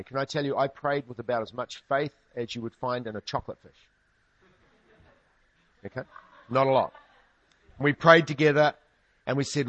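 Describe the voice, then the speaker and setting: A man's voice: mid-range voice, fairly quick, pauses often, muffled recording. A man preaching a sermon, telling stories with humorous asides. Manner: humorous storytelling, lively asides. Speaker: pastor.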